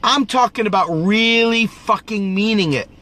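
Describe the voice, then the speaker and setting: A man's voice: high-pitched, moderate pace, bright, forceful tone. A man venting in a profane, preachy rant and repeating phrases for emphasis, with a cough at times. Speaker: political video host. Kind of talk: impassioned ranting vent session.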